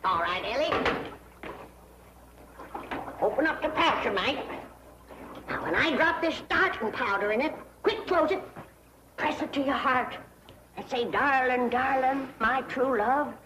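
A spry old granny with a twangy Ozark accent, high and sharp, bossing folks around in a brisk folksy drawl. The old TV soundtrack carries a steady hiss. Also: female voice. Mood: bossy. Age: older. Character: feisty old hillbilly granny, charm maker. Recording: hissy 1960s TV soundtrack.

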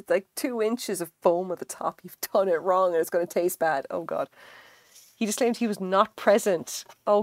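A woman's voice: medium pitch, no echo. A woman with an Irish accent chatting casually on a livestream while she crochets, talking animatedly, swearing freely and using lots of fillers. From Ireland. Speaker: livestream host.

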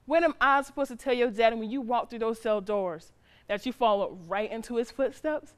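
A woman's voice: fairly high pitch, brisk, smooth, natural voice. A woman playing a stern, loving mother. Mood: stern scolding. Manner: scolding, pleading, colloquial. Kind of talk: drama acting.

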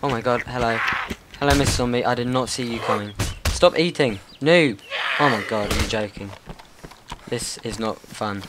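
A man's voice: medium pitch, little pitch movement, normal speed, heavy background noise. A young man hosting a gaming channel, giving casual, nervous, rambling commentary and talking to the zombies in his game.

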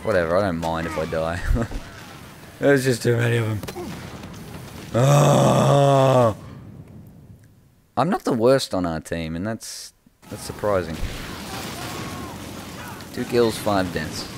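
Low-voiced young man mumbling gameplay commentary. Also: lively intonation, measured pace, pauses often, noisy background. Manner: mumbled asides with sudden high yelps. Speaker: gaming channel host.

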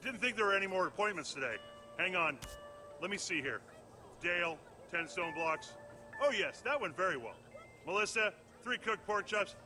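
A chatty, fussy clerk who rattles through his schedule. His voice is high and very bright and sharp. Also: expressive, normal speed, faint music behind, heavily acted. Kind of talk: video game voice acting.

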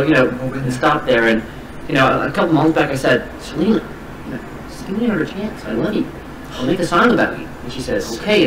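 A man's voice: on the high side, background noise, lightly acted. A young man doing a rambling pop-star parody. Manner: rambling, full of fillers. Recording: clip replayed from far off in an echoey room, with music.

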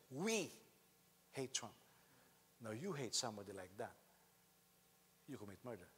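A man preaching a sermon as pastor, animated, acting out quotes loudly and swinging from quiet to shouting. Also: a little high, normal speed, pauses often, husky. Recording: long reverb of a hall.

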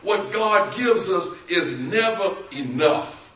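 A man preaching a storytelling sermon, who acts out the voices in his story and swings between loud and soft. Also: high-pitched, expressive, slow pace, distant mic. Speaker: bishop preaching. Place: church sanctuary. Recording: echoey church from off-mic.

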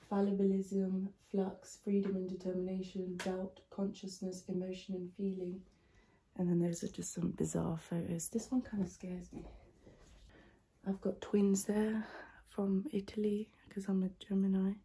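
A woman doing a chaotic whispered role-play, out of breath, repeating quick instructions close to the mic. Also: mid-range voice, mellow, slight background noise. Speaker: ASMR creator.

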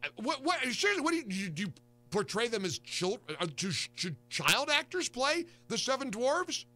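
High, bright, incredulous man. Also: very animated, moderate pace. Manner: incredulous, stammering, joking. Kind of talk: casual commentary.

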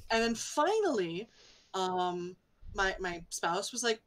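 A woman talking on an online writers' panel in an easy, chatty way, breaking into laughter between phrases. Her voice sits at a middling pitch for a woman, neither high nor low. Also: lively intonation, slow.

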